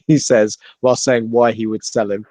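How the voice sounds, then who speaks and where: A man on a podcast, giving quick, reasoned opinions in casual chat. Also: mid-range voice, fairly even intonation, mellow, dry recording.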